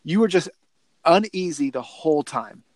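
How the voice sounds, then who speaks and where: Man, higher voice, dry room, eager movie talk. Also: lively intonation, normal speed, dry recording. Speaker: film podcast co-host. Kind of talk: casual movie discussion.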